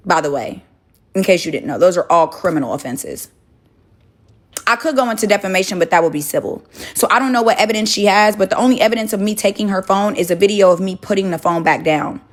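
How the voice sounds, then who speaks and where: A woman's voice: medium pitch, lively intonation, fairly quick. A young woman on a phone livestream from her home kitchen, chatting casually and bluntly with viewers, swearing and arguing back at them. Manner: blunt, profane, argumentative.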